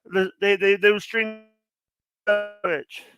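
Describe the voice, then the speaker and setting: High bright-voiced stuttering man. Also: fairly even intonation, slow, muffled recording, faint music behind. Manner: stuttering, nervous restarts. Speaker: podcast guest. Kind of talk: casual chat.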